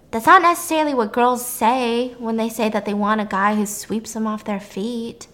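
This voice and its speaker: Animated young woman recapping a film. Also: fairly high pitch, moderate pace, few pauses. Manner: animated, jokey, acts out lines. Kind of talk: casual chat.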